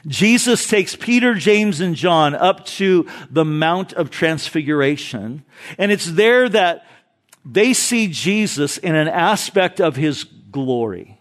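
Pastor guy preaching, fairly high voice, tells the stories casual and lively. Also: slow pace. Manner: animated storytelling, paraphrases Bible figures casually. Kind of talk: expository sermon.

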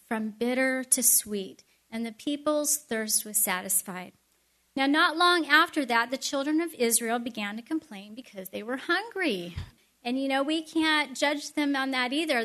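A middle-aged woman giving a storytelling sermon with chatty, animated asides. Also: high voice, unhurried. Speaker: speaker at a Christian event.

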